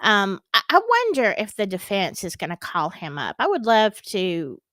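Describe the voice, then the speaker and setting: A woman's voice: mid-range voice, normal speed, dry recording. A woman giving casual, emphatic commentary on a trial, talking directly to her viewers. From American South. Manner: animated, emphatic, talks to the audience. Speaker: true crime commentator.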